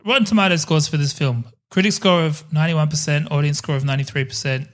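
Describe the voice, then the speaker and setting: A man's voice: a little high, fast. A man co-hosting a casual film-review chat, rambling through lists and laughing easily. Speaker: podcast co-host.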